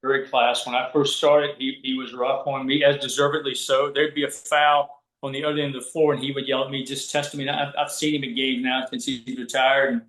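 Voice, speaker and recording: A man's voice: mid-range voice, brisk, hardly any pauses, roomy sound, rough recording. A man, a college basketball referee telling stories in a casual podcast chat, acting out the voices of the people he quotes. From Southwest Virginia. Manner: animated, acts out quoted voices. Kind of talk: casual storytelling.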